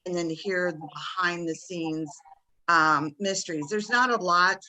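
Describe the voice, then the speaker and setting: Southern American woman co-host, lower-pitched, bright and forceful tone, chatty and enthusiastic. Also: rough recording. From Southern United States. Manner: chatty and enthusiastic, quick to laugh. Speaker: podcast co-host. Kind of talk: casual chat.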